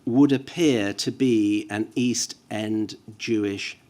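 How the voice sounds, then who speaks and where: A man questioning a witness at a formal hearing, measured and careful, reading out references with hesitant fillers. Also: lowish voice, steady tone, a little mellow. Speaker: inquiry counsel. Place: inquiry hearing room.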